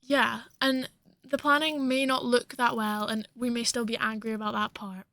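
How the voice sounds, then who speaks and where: A woman's voice: a little high, level tone, normal speed, fairly bright tone, no echo. A young woman co-hosting a podcast, chatting casually and rambling with lots of fillers. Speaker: podcast co-host. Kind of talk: casual chat.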